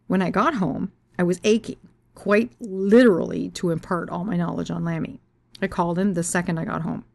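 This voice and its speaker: A woman podcast host telling her own story, frank and expressive, with a lowish voice. The recording is dry and close, with no room sound. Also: a little fast, creaky, no echo. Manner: frank and expressive, with explicit language. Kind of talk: personal storytelling and reading aloud.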